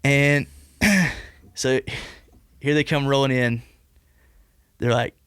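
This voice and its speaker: A man's voice: medium pitch, fairly even intonation, drawn-out words, pauses often, fairly bright tone, clean tone, dry recording. Rambling young man, dry close sound. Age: 20s. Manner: rambling, heavy use of "like" and restarts. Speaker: podcast guest. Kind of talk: casual storytelling in conversation.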